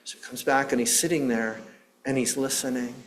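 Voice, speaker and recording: A male minister delivers a sermon as a story, with a voice of middling pitch. He talks earnestly, stopping and restarting as he searches for words. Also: steady tone, slight background noise. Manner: earnest, with frequent restarts and pauses.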